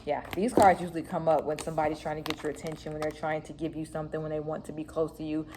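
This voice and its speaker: A woman's voice: deep voice, little pitch movement, very fast, background noise. Chatty woman doing a tarot reading. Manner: chatty, filler-heavy, talks straight to viewers. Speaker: tarot reader. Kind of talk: casual tarot reading to camera.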